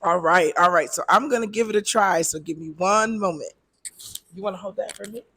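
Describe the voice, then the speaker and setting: A man's voice: sits high, fairly quick, sharp tone, husky. A man hosting an interview, tasting food and reacting with enthusiasm, sometimes talking with his mouth full. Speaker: host.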